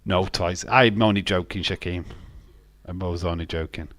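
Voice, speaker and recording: A man's voice: low voice, fairly even intonation, normal speed, a bit bright, dry recording. A man hosting a live stream, chatting casually, reading out chat messages and teasing viewers with frequent laughs. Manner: jokey, teasing, laughs often.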